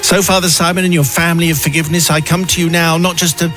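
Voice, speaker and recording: A radio host reading a listener's letter aloud in a wry, dryly theatrical storytelling manner. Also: male voice, on the high side, flat delivery, quick pace, pushed and bright, faint music behind.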